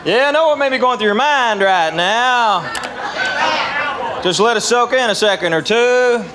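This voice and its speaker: A man's voice: very high-pitched, lively intonation, a little slow. A young man with an East Tennessee Southern accent doing stand-up in a folksy drawl, chuckling between lines. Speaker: stand-up comedian. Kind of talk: stand-up comedy set. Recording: live club recording with crowd and hum.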